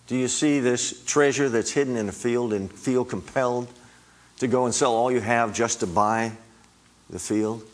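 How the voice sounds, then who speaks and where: A man's voice: mid-range voice, normal speed. A middle-aged man preaching a sermon, emphatic and climbing on repeated words.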